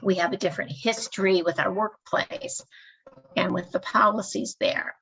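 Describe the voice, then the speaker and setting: A woman giving a measured, explanatory staff training lecture. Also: mid-range voice, fairly even intonation, a bit bright, husky. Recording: dull lo-fi recording.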